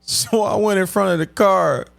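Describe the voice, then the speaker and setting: A man telling crude, profane comedy stories in street slang, with a drawn-out delivery, often breaking into laughter. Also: high voice, creaky, no echo, soft background music. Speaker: stand-up comedian. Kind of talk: comedic storytelling.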